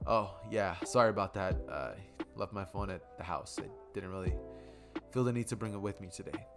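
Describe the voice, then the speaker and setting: A lonely, downcast teenage boy speaks softly about his hurt , voiced by a man narrating. The voice stays low and subdued. Guitar music plays clearly underneath. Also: fairly quick. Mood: dejected.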